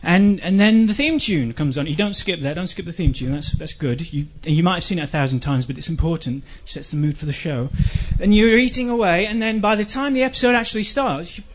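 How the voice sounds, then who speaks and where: High-voiced man ranting in exasperation. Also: a little fast, hardly any pauses, highs cut off. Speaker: comedian. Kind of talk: stand-up comedy rant.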